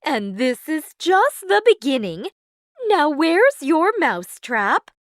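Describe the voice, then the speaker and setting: Lady putting on a dotty fairy godmother for a storybook, airy and bouncy, a bit slow. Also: sits high, very animated, a bit bright, dry recording, clean studio sound, voice pushed up, heavily acted. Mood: breezy. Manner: airy, breezy, slightly slower. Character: scatterbrained cheerful fairy godmother, older woman.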